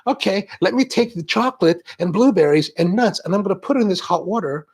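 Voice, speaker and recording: A man hosting a coffee show, chatting with viewers and telling animated stories. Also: high-pitched, fast talker, slightly rough. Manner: animated storytelling, acts out quoted exchanges. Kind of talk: live-stream chat with viewers.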